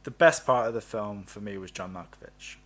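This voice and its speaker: A man's voice: fairly low pitch, a little fast, fairly bright tone. A man, co-hosting a podcast and bantering easily, often laughing at his own jokes. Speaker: podcast co-host. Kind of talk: casual chat.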